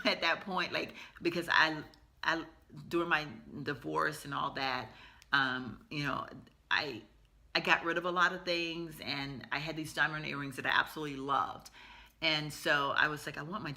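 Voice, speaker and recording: Mature woman vlogging a hurtful storytime, really bright voice, lots of ums and pauses. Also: deep voice. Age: middle-aged. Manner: emotional, halting retelling with many fillers. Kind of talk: storytime vlog.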